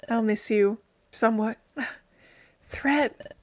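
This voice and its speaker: A woman's voice: a little high, measured pace, husky. A woman hosting a let's play, reading garbled game text aloud and joking about it. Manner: playful, joking, reads garbled lines deadpan.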